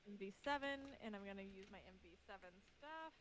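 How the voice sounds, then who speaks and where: In a casual chat on a podcast, a woman guest talks the host through stream setup patiently, one step at a time. She speaks briskly in a mid-range voice with lively intonation, over some background noise.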